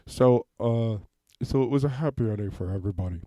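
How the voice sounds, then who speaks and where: A man rambling through an improvised comedic monologue in a deadpan way, asking "okay?" over and over. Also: mid-range voice, a little fast, no echo. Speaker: comedic self-tape performer. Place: home basement.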